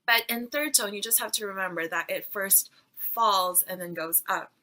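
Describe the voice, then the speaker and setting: A chatty woman teaches pronunciation in a relaxed video lesson. Her voice is bright and clear, and she keeps saying syllables aloud to demonstrate. She talks in a loose, everyday way, full of fillers. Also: medium pitch, moderate pace, low-quality recording. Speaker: Mandarin teacher.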